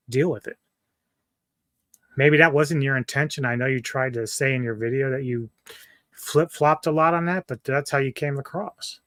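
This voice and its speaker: A man's voice: medium pitch, moderate pace, long pauses, a bit bright, dry recording, clean studio sound. A man hosting a reaction video, ranting angrily and cursing often. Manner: profane, angry, ranting. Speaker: commentary YouTuber.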